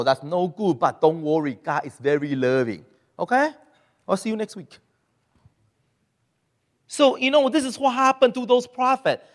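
A man preaching a sermon in animated style, acting out quoted voices and speaking with non-native grammar. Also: sits high, big-room sound.

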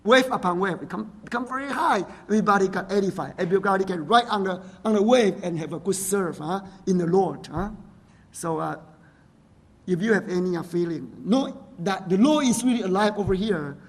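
High-voiced husky man preaching. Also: lively intonation, brisk. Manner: frequent "right?" and "huh?" tag questions, non-native phrasing. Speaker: pastor. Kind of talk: sermon.

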